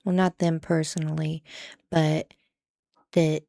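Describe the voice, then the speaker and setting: A woman's voice: low voice, level tone, slow pace, vocal fry, dark tone, no echo, clean studio sound. A woman casually retelling something she saw in a video, matter-of-fact.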